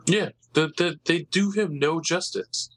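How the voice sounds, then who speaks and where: A man's voice: fairly high pitch, unhurried, fairly bright tone, no echo, low-quality recording. A man hosting a casual podcast chat, rambling eagerly about comic books. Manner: rambling, eager comic-book fan talk.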